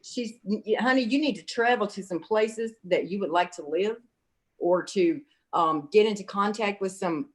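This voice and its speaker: A woman's voice: mid-range voice, normal speed. Chatty woman giving psychic readings. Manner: chatty and motherly, calls the viewer honey. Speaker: psychic reader. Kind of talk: casual livestream reading chat.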